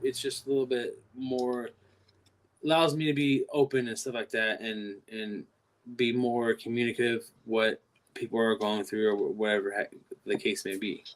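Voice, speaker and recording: A man's voice: medium pitch, flat delivery, moderate pace. A man with a Californian accent hosts a casual livestream. He rambles through long stories, often repeating himself and trailing off mid-thought. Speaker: livestream host. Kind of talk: casual live-stream chat.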